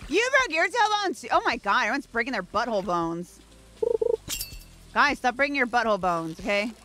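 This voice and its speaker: A woman's voice: on the high side, very animated, a little fast, pushed and bright. A woman streaming a game, chatting playfully and giggling as she talks to the characters on screen. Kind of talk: casual gameplay commentary. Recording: faint background music.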